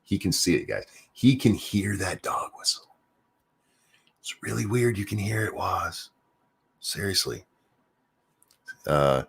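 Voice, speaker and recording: A man's voice: deep voice, expressive, slow pace, gravelly, long pauses, husky. A man giving casual ranting commentary as host of his own show, sarcastic and swearing freely, often repeating words as he gets worked up. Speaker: commentary streamer.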